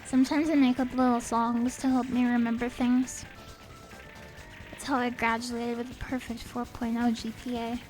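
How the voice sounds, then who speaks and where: Brief: bright, high-pitched woman game streamer, rambling and playful, slightly sniffly. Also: little pitch movement, normal speed, rough recording. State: a little sniffly. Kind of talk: casual game stream chat. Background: faint game music.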